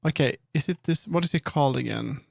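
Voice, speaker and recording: A man's voice: fairly high pitch, quick pace, creaky, slight background noise. A man from Sweden with a Swedish accent, chatting casually on a livestream in a rambling, self-amused way full of restarts. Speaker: streamer.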